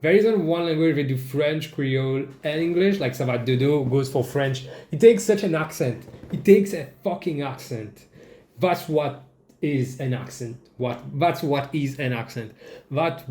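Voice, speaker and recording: Brief: young male comedy host from Mauritius, animated swearing rant, higher-than-average voice. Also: measured pace. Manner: animated, jumps into mocking high-pitched quoted voices, swears. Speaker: host of a comedy commentary show. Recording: echoey room.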